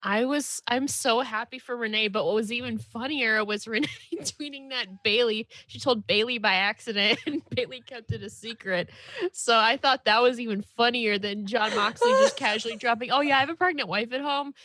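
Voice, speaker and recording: A woman's voice: on the high side, normal speed, pushed and bright, dry recording. A woman guesting on a podcast, chatting casually in an upbeat way and laughing easily.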